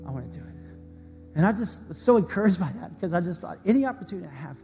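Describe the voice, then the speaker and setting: A man's voice: high-pitched, expressive, racing, vocal fry. A male pastor preaching a sermon with earnest, heartfelt storytelling and leading prayer. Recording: long hall reverb, soft music behind.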